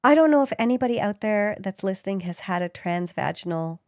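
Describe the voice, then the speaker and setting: Animated woman telling a story. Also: mid-range voice, brisk, no echo, studio quality. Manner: animated storytelling, acts out quoted voices. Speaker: podcast co-host. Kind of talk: casual chat.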